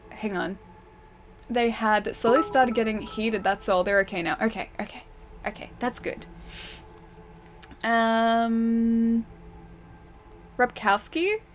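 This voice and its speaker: A woman's voice: a little high, slight background noise. Chatty young woman streaming a game. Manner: chatty, laughs often, thanks viewers. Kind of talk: casual gameplay commentary reading chat.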